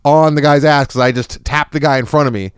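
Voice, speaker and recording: A man's voice: a little high, steady tone, a little fast, clear, resonant tone, no room sound, clean studio sound. A man co-hosting a podcast, telling a rambling story in casual chat full of fillers and restarts. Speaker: podcast co-host.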